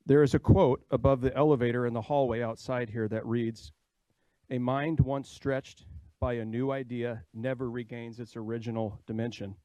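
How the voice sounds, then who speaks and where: A man's voice: mid-range voice, little pitch movement, normal speed, warm tone, no room sound. Firm father reading a prepared statement. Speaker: public commenter, parent. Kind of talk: public comment at a hearing.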